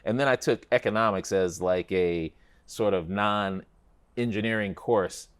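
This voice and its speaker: A middle-aged man from Chicago, a guest telling a personal story in a relaxed conversational way, with animated, dramatic retelling. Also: fairly low pitch, a little slow, clean tone.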